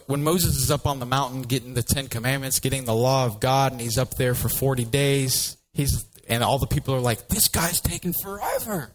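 Lively joking male pastor. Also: mid-range voice, low-quality recording. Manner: lively, joking, acts out voices of biblical figures. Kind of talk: sermon.

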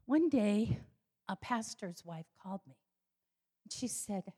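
Older woman telling a lively faith testimony. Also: slow pace. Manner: animated, acts out quoted voices with sudden high jumps. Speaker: speaker giving a personal faith testimony. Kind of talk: personal testimony storytelling.

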